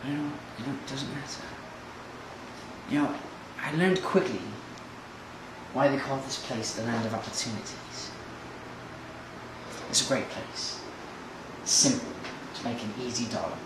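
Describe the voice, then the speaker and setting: A smugly menacing immigrant hustler, played by a man in an acting class muses in halting, repeated phrases. The echo of a large room swamps his voice. He is picked up from far off over steady background noise. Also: mid-range voice, close to an everyday voice. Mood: mocking. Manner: halting, repetitive, quietly sinister musing. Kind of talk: acting-class film monologue. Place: large echoey studio kitchen. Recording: echoey room from far off, noisy.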